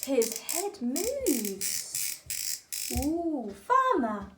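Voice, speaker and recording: An early-years teacher leads a bucket activity for a small child, narrating each toy in an exaggerated, gasp-filled sing-song. Her high voice swings hugely in pitch and moves very slowly, against a noisy background.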